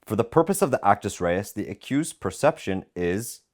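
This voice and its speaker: Guy with a lowish voice, pitch all over the place, cussing while he argues a court case. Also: brisk. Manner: animated, swears a lot, insistent. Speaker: podcast co-host, lawyer. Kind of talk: heated legal debate, reading a ruling aloud.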